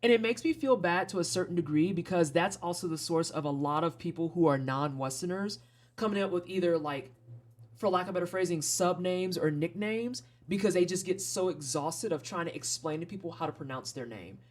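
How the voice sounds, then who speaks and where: Streamer, Midwestern American accent, average pitch; loose, frank live commentary full of tangents and casual cursing. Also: fairly quick. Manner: rambling, frank, swears casually. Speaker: streamer playing game demos.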